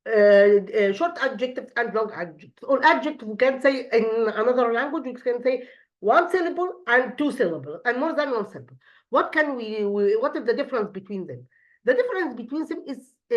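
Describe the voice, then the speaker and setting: Egyptian woman teaching kids english grammar, lots of uh and restarts, slightly high pitch, lo-fi sound. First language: Arabic. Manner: many fillers and restarts, non-native phrasing. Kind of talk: grammar lesson for children.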